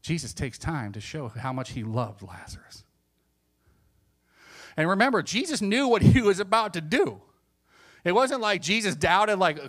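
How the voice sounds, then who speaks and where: An animated man preaching a sermon with a fairly high voice. He drops to hushed tones and then builds to emphatic points. He acts out the voices of the people he quotes. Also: unhurried, long pauses.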